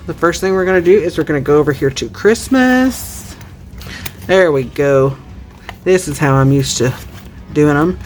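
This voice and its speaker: Low-voiced Southern woman counting cash. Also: slight background noise. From Tennessee, US. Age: 30s. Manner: chatty, counts money aloud. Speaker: budgeting YouTuber. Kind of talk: casual vlog chat while counting cash.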